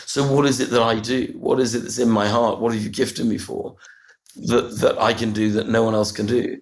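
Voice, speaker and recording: A middle-aged man, telling a personal story as a podcast guest, earnest and halting, often restarting and repeating words. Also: medium pitch, little pitch movement, a little hiss or hum. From United Kingdom. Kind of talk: reflective storytelling interview.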